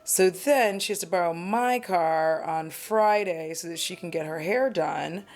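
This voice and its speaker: This beauty vlogger has a somewhat low, darkish voice and a measured pace. She does her makeup at home for a get-ready-with-me vlog, chatting candidly, rambling, and making self-deprecating remarks.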